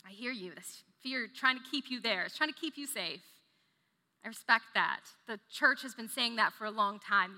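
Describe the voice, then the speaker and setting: A woman preaches a sermon in a very bright, sharp voice that sits fairly high. She talks earnestly, repeating phrases and asking the audience questions. A long hall reverb trails each phrase.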